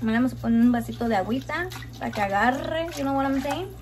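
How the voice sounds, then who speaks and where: A woman's voice: sits high, animated, racing. A young woman cooking at home, talking casually and playfully, swearing a lot and switching between Spanish and English. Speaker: home cook vlogger. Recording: noisy home kitchen recording.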